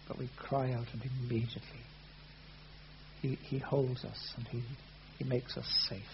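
A man preaching a sermon, earnest, rising loud and then falling soft. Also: mid-range voice, flat delivery, moderate pace. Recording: dull lo-fi sound with faint hum.

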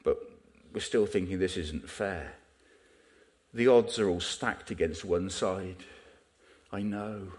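Male preacher, lowish voice, conversational sermon delivery with rhetorical questions. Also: slow.

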